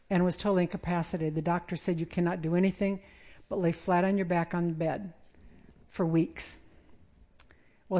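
A woman's voice: on the low side, a little mellow. A middle-aged woman giving a sermon in a conversational way, with self-deprecating humor. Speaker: preacher.

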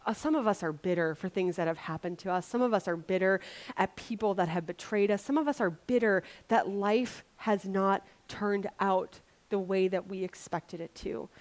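A woman preaching a sermon in a chatty, animated way, acting out people's complaints. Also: mid-range voice, normal speed. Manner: chatty and animated, acts out grumbling voices.

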